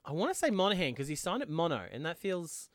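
A man's voice: fairly high pitch, big pitch swings, fast. A man co-hosting a podcast, reading listener mail aloud with jokes and asides. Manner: jokey, laughs often, trails off into tangents. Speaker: podcast co-host.

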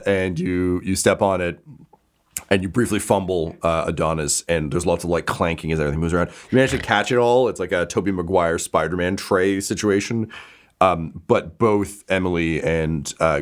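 A man's voice: low voice, moderate pace. A man narrating as game master of a tabletop game, rambling with many fillers and restarts.

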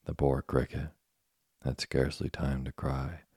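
A man reads a classic story to help listeners fall asleep. His voice is extremely deep and gravelly, with a dark, husky tone and a slow, soothing, even delivery. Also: no echo, studio quality. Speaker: narrator. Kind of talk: sleep story reading.

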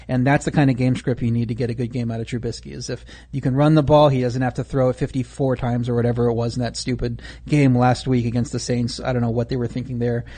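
A man giving stat-heavy football betting analysis in a measured, fact-driven way. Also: mid-range voice, dark tone.

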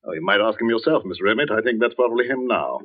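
An actor playing a worried, dignified older village vicar in a 1940s radio drama. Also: male voice, fairly low pitch, lively intonation, quick pace. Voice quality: earnest, fretful, dignified. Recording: dull old radio broadcast.

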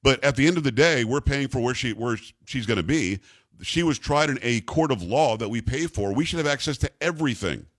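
A man's voice: medium pitch, animated, a little fast, dry recording, studio quality. A man hosting a talk radio show, ranting indignantly and repeating the call-in number.

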